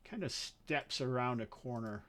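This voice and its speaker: A man narrating as game master of a tabletop game, thinking aloud with frequent pauses and fillers. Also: medium pitch, a bit bright.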